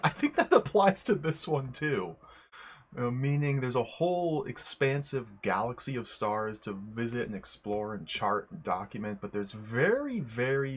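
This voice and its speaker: Young male streamer with a slightly husky voice; loose, meandering chat that often corrects itself. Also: medium pitch. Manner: rambling, self-correcting, greets viewers one by one. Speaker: livestream host. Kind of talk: casual livestream chat.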